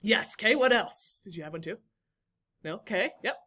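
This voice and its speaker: A woman's voice: medium pitch, expressive, moderate pace, a bit bright, breathy edge. A young woman teaching a classroom lesson, encouraging and talking to students by name.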